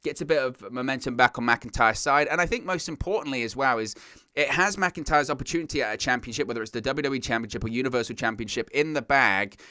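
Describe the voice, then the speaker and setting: A man's voice: medium pitch, fast, dry recording, studio quality. A man hosting a wrestling news show, giving casual, exasperated and opinionated commentary. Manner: exasperated, ranting, animated.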